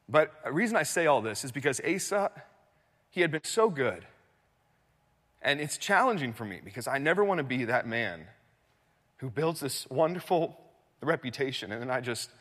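Male pastor delivering a sermon, animated storyteller, shifts from loud to hushed, mid-pitched voice, long hall reverb.

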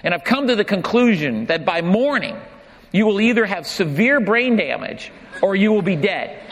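A man's voice: sits high, very animated, normal speed, fairly bright tone, a little hiss or hum, full character voice. A man quoting a gloomy older man who always expects the worst, in a sermon. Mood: gravely serious. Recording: long reverb of a large hall.

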